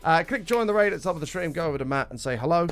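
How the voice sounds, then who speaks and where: A young man chatting with his stream audience in an excitable, casual way, his voice worn and strained. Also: a little high, racing. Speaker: livestreamer.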